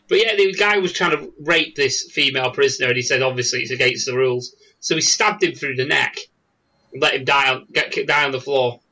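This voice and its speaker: A man's voice: mid-range voice, normal speed, bright, forceful tone, poor audio. A man hosting a casual podcast over a voice call, telling stories animatedly and laughing often. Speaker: podcast host. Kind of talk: casual chat. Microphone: Skype call.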